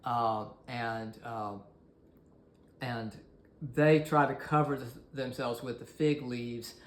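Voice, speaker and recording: A man's voice: mid-range voice, steady tone, takes it slowly, roomy sound, slight background noise. A man giving a recorded course lecture, talking in a hesitant way with many fillers and restarts.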